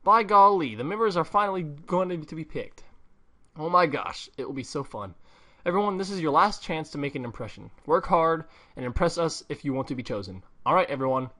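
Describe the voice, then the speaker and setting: A man's voice: fairly high pitch, animated, brisk, bright, forceful tone. A man voicing a bossy, fussy male parrot guild assistant, reading game dialogue aloud in a stern, lecturing way. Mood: announcing.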